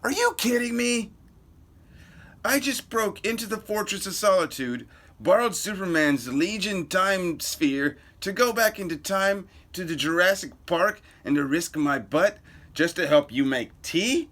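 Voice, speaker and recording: A man's voice: high-pitched, animated, a little slow, voice pushed up. A man voicing a brash, impatient teenage boy superhero in a comic book reading. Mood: indignant. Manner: loud, exasperated.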